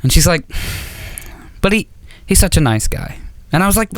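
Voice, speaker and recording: A man's voice: a little high, sing-song, a little fast, pauses often, slight background noise. A man doing stand-up comedy, telling a story in an exasperated, stammering, profane way, acting out both sides of a conversation. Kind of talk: stand-up routine. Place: comedy club stage.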